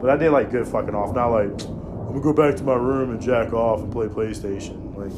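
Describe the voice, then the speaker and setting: Guy swearing a lot telling service stories, average pitch, bit of noise behind. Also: a little fast. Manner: animated, profane, acts out quotes in a raised voice. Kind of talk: casual storytelling.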